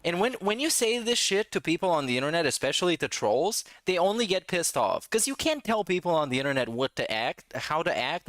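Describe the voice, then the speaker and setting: A man's voice: a little high, a bit bright, no room sound. Sarcastic man hosting a reaction commentary. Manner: sarcastic, mocking. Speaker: commentary channel host.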